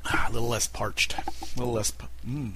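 A man putting on a low narrator voice for joking asides between outtakes. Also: fairly even intonation, a little fast, very noisy, lightly acted. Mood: dry. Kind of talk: scripted comic narration.

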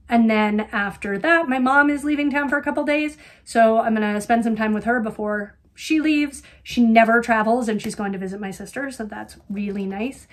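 Chatty woman knitting podcaster, rather high voice. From Colorado, USA. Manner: chatty, rambling, lots of ums, wry asides. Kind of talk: casual chat.

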